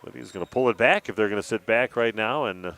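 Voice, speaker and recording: A man calling high school basketball play-by-play on local radio, brisk and steady with the odd "uh". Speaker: play-by-play announcer. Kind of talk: live basketball commentary.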